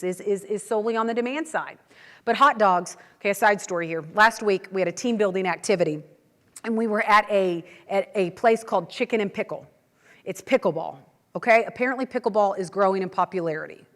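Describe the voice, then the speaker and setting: An American woman and agriculture news host giving a conference talk, telling stories in a chatty way with frequent restarts. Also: medium pitch. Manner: chatty storytelling with repeated words and restarts. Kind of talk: conference presentation. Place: meeting hall. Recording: long hall reverb.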